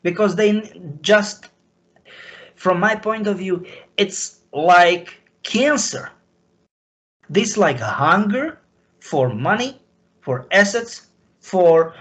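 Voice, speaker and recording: A man from Slovakia, speaking as an interview guest in a halting, impassioned way. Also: high voice, fairly bright tone, poor audio. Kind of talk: emotional interview talk.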